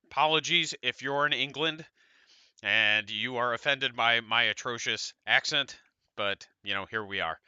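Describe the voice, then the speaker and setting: A man's voice: medium pitch, measured pace, sharp tone, smooth, no echo, highs cut off. A man with an American accent, co-hosting a podcast and chatting casually in a rambling, laid-back way, swearing now and then. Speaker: podcast co-host. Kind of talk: casual tabletop wargame discussion.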